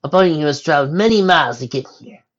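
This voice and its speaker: A reader voicing a warm, motherly female horse ruler who speaks heartily and gently teases, in a muffled lo-fi recording. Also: mid-range voice, expressive, very fast, pitched above the performer's own voice, natural voice. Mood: formal welcome.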